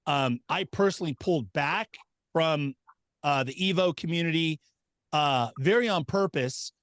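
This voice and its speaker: A man's voice: fairly high pitch, measured pace, fairly bright tone, no room sound. A man hosting a casual video call, greeting people by name in an upbeat, chatty way. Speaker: host of a members' video call. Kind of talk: casual group call welcome.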